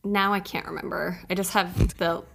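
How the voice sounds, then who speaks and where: A woman's voice: fairly low pitch, fairly even intonation, moderate pace, creaky, fairly bright tone. A woman co-hosting a podcast in casual chat, joking and laughing often. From Texas. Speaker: podcast co-host.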